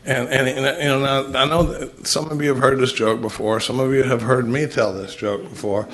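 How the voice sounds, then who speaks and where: A man's voice: medium pitch, steady tone, normal speed, fairly bright tone. A man giving a folksy, conversational talk to a recovery meeting, often repeating words and restarting sentences.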